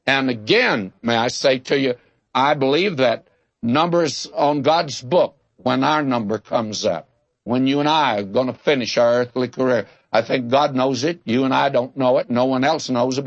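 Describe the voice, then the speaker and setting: A man's voice: medium pitch, dry recording, dull audio. Older man teaching a folksy Bible sermon. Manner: homespun, conversational, drawn-out emphasis on key words. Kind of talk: folksy sermon with humorous anecdotes.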